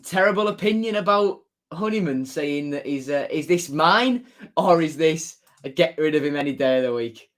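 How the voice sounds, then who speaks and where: A man's voice: fairly high pitch, moderate pace. A man chatting on a live stream as a football fan, reading out viewer comments, often laughing and repeating his own phrases.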